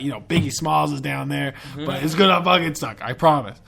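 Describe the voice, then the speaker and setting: A man's voice: fairly high pitch, brisk, gravelly, hardly any pauses, crowd noise. A man hosting a podcast in a casual, rambling and profane way, with enthusiastic tangents. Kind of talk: casual chat.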